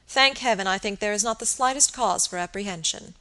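A woman reading the part of a grave, preoccupied young gentleman barrister in an audiobook. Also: medium pitch, lightly acted. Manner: grave, measured.

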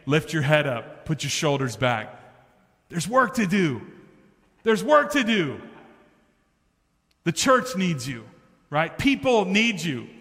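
Man, pastor, sermon, emphatic conversational preaching, high voice, echoing church hall. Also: a bit bright. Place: church sanctuary.

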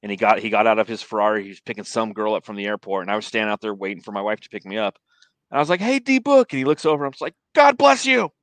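Man, podcast host, low voice, dry close sound, rambling chatty stories. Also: steady tone, rapid-fire, fairly bright tone, dry recording. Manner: laughing, rambling storyteller. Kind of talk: casual chat.

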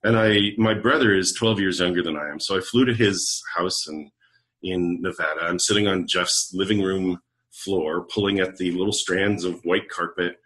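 A man's voice: deep voice, moderate pace. A middle-aged man telling a personal story in conversation, acting out the lines of people in it. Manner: animated storyteller who acts out quoted dialogue. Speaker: podcast guest, leadership coach.

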